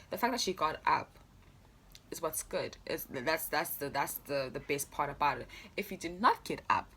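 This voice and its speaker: Lively low-voiced young woman vlogger. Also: moderate pace, husky. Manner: chatty, laughs often, many fillers. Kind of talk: casual storytime vlog.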